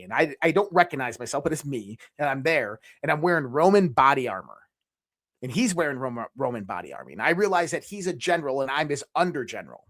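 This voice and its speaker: A man with a voice on the high side shares a personal story as a podcast guest. He's lively and relaxed, frequently starting sentences over and dropping the occasional swear word.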